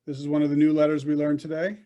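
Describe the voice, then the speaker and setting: This is online class instruction: a man coaches a Hebrew reading class by video call, sounding out syllables with slow, deliberate patience. His slightly high voice has a warm tone but a completely flat delivery.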